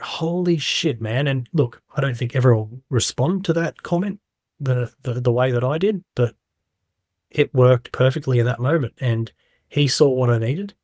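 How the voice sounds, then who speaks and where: A man's voice: mid-range voice, dry recording, clean studio sound. Candid man telling his story. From Australia. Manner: candid, animated retelling with quoted voices. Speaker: guest. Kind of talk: casual storytelling interview.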